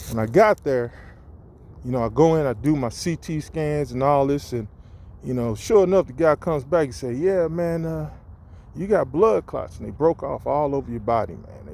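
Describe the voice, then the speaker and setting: A man telling his own story in a casual vlog, animated, acting out the voices he quotes. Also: mid-range voice, vocal fry. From St. Louis area, USA. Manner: animated, acts out quoted voices, restarts and fillers. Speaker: vlogger sharing his story. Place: outdoors on a campus walk.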